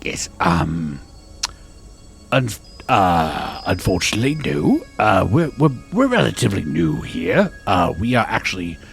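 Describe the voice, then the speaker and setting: A man plays his character in a tabletop game, hesitant and halting between phrases. His low voice is gravelly and swings widely in pitch, and he takes his time. Faint music drifts behind him. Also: sing-song. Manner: hesitant, full of pauses. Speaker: player. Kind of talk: casual in-character play.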